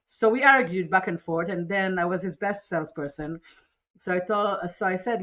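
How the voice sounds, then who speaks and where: A woman recounting a personal story as a podcast interview guest, earnest and animated, often restarting her sentences. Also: on the low side, normal speed.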